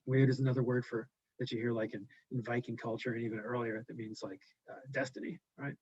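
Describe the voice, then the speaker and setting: Male teacher, casual explainer, mid-pitched, lo-fi recording. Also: level tone, quick pace, husky, dry recording. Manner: casual, explanatory, softer asides. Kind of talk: reading aloud with commentary. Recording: dull lo-fi recording.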